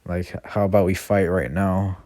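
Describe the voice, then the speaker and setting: A man's voice: low-pitched, flat delivery, moderate pace, a little mellow, lightly acted. A man doing a drunk, jealous wolf-man. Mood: taunting. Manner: stuttering, slurred.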